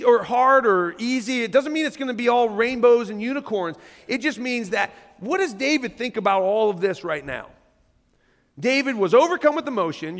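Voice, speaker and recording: Male pastor, high voice, chatty animated sermon, church hall reverb. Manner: conversational, animated, reads scripture aloud. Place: church stage.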